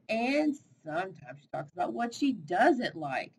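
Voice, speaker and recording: Expressive woman reading a kids' storybook, lively delivery, slight background hiss. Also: lowish voice, measured pace, hardly any pauses, rough recording. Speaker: storybook reader. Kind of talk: picture book read-aloud.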